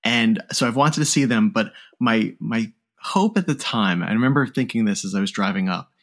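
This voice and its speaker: A man hosting a podcast interview, speaking in a measured, appreciative way with some ums. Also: fairly low pitch, animated. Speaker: podcast host. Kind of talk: interview conversation.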